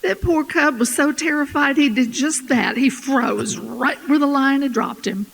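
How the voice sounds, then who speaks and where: A female storyteller trading lines of a folktale on a festival stage in a measured, plain way. Her voice sits high with a raspy edge. It carries a long hall echo. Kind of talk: tandem folktale telling. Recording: echoey hall.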